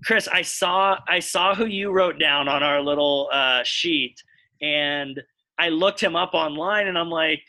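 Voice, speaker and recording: A man's voice: a little high, unhurried, sharp tone. An American man co-hosting a podcast, explaining things at length in casual chat while thinking aloud. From United States. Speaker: podcast co-host.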